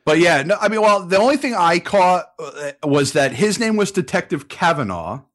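A man's voice: high voice, very animated, normal speed, a bit bright. Emphatic man riffing on a movie. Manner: emphatic, swears, repeats himself. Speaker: movie review podcast co-host. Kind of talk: casual movie commentary chat.

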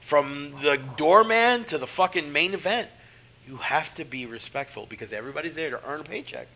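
A man from Brooklyn talks like a veteran pro wrestler on a casual podcast. He swears freely and acts out the people in his stories. His voice is very bright and a bit high, with a lively, swinging pitch. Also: brisk, slight background noise, poor audio. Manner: profane, animated, acts out quoted voices.

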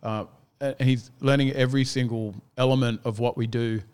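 Animated storytelling man with a smooth voice. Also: mid-range voice, brisk. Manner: animated storyteller, swearing freely, acting out quotes. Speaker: gym owner. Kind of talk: casual chat.

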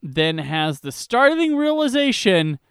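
Male podcast co-host, slightly high voice, summarizes plot in a relaxed, joking way. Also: unhurried, clear, resonant tone. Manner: summarizing plot with wry asides. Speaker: podcast co-host recapping a film. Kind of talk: casual movie recap chat.

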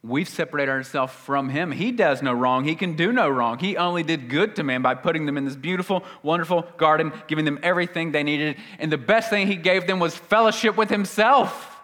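A male pastor preaching a sermon, swinging between loud emphatic peaks and hushed, low phrases. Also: fairly quick, few pauses. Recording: long hall reverb.

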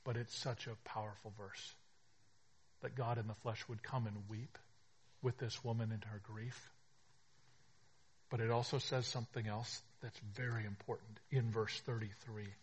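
A man preaching a sermon as pastor, swinging between hushed reflection and emphatic, rising declarations. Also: lowish voice, level tone, moderate pace, a little hiss or hum.

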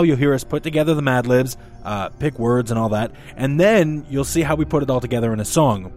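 A man hosting a casual group podcast, upbeat and animated as he runs a word game with friends. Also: mid-range voice. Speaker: podcast host.

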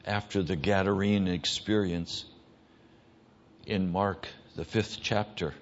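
A man preaching a sermon as pastor, emphatic, moving between hushed lines and loud ones. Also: deep voice, steady tone, slow. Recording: dull lo-fi sermon recording.

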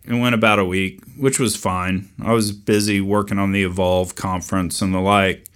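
A middle-aged man hosting a podcast, telling a story in a wry, deadpan way. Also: lowish voice. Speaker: podcast host. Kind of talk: storytelling monologue.

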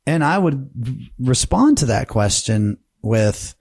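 A man co-hosting a podcast about preaching, talking in a relaxed, conversational way. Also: mid-range voice, slow, few pauses, husky, dry recording, clean studio sound. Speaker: podcast co-host.

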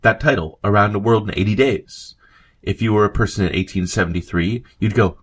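A podcast host with a fairly low, husky voice narrates a history episode at a brisk clip. The scripted narration includes read quotes, yet he keeps it conversational with asides and fillers.

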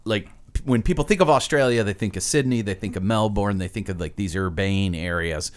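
A man's voice: fairly low pitch, brisk. A man co-hosting a podcast, chatting casually and telling an anecdote with laughs at the punchlines. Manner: animated, laughs through punchlines. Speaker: podcast co-host. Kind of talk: casual chat, storytelling.

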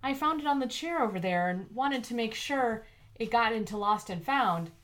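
Woman reader doing an eager, chatty sidekick, raised pitch, audiobook. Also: lively intonation, moderate pace, a bit bright. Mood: curious. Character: Justine, friendly eager adult woman. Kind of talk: audiobook character voice.

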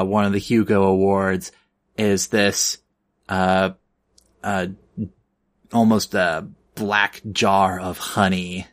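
A woman narrating as game master of a tabletop game, halting with many fillers. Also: very deep voice.

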